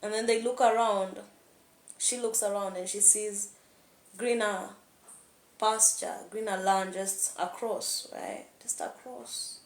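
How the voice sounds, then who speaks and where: A young woman talking candidly in a rambling vlog monologue, laughing often. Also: medium pitch. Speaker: vlogger. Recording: echoey room.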